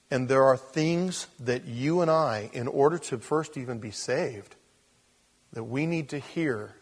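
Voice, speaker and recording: Husky-voiced man preaching. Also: mid-range voice. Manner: lively, swinging from loud emphasis to quiet asides. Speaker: pastor. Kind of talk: expository sermon.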